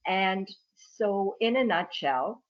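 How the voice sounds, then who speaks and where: Irish-born woman author reading her book aloud, calm and reflective, mid-pitched voice, a bit muffled over a video call. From Ireland. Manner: reflective, measured storytelling. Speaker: guest author.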